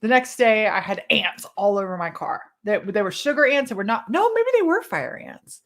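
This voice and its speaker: A woman from Texas, telling a personal story in a casual monologue, animated and swearing freely. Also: medium pitch, moderate pace. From Texas, USA. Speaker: podcast host.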